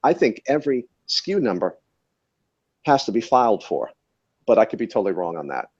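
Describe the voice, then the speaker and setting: A man's voice: fairly low pitch, big pitch swings, brisk, darkish tone, husky, dull audio. A man who tests batteries, talking in a casual podcast chat in a wry, rambling, self-correcting way. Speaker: battery tester and guest.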